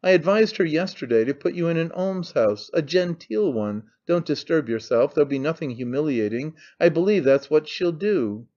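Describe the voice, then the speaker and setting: A man's voice: a little high, expressive, normal speed, few pauses, a little mellow, dull audio, natural voice. A man voicing a brash young man who mocks his father in an offhand, needling way. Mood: mocking. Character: young man, mocking, cynical, brash son.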